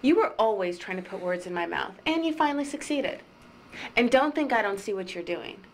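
A woman playing a sharp-tongued, sarcastic ex-girlfriend with biting comebacks. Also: mid-range voice, lively intonation, fairly quick, a little hiss or hum, lightly acted. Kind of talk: indie comedy drama acting.

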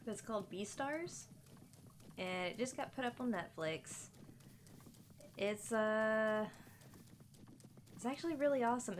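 Woman streaming a game, slow easygoing chat, laughs a lot, faint room noise behind. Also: medium pitch. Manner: chatty, laughs often, coos at her pet. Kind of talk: casual live-stream chat.

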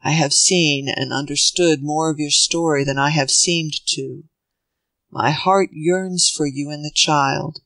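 An old gentleman speaks with grave, earnest kindness, as a reader voices him. The voice sits at a plain middle pitch with a dry, close sound and no room around it. He sounds steady and sincere. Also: a little slow, no echo, rough recording. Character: old gentle Southern man, grave and kind.

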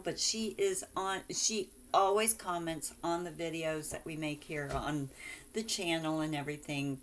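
A woman's voice: on the low side, animated, slow. A woman vlogger chatting casually and gushing over cards and mail sent by friends, exclaiming and giggling often.

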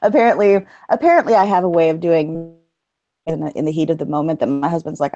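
Low-voiced, chatty woman narrator. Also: fast talker, warm tone, no room sound, highs cut off. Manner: chatty, laughs often, self-deprecating. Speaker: audiobook narrator guest. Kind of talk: casual interview chat.

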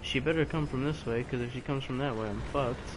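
A man's voice: medium pitch, brisk, music in the background. A man commentating a video game live, frustrated, swearing and taunting the enemies on screen. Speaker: let's play gamer.

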